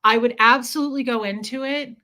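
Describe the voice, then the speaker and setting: A woman's voice: on the high side, fairly quick, pushed and bright. A woman hosting a casual livestream, telling stories in a chatty way and acting out the dialogue as she goes. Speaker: livestream host.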